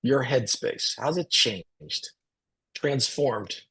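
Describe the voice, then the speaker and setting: A man's voice: medium pitch, animated, extremely slow, bright, forceful tone, breathy edge. A man hosting a panel on a video call, asking loose, rambling questions. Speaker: panel host.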